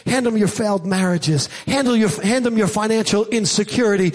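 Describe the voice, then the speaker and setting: A middle-aged man delivers a sermon from the pulpit with a notably high voice. He preaches in an animated way and rises loud and high to drive home his points. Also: a little fast, hardly any pauses. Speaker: pastor. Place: church.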